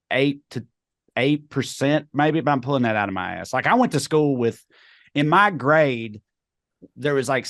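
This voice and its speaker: A man's voice: medium pitch, fairly bright tone, no room sound, studio quality. A man with a Tennessee Southern accent, a comedian chatting as a radio guest in a rambling, self-deprecating way. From rural Tennessee. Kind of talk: relaxed interview chat.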